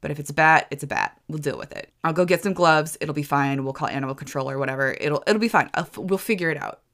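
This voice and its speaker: A woman hosting a podcast, telling a chaotic story in a casual, rambling way, stumbling over words and jumping high when she quotes herself. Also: fast, fairly bright tone. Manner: swoops high for quoted exclamations. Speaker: podcast host.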